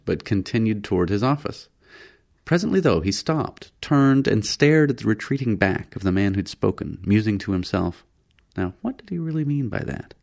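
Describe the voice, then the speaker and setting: A man reads an audiobook in a very low voice with a gravelly edge. His storytelling is measured and steady. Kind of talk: audiobook narration.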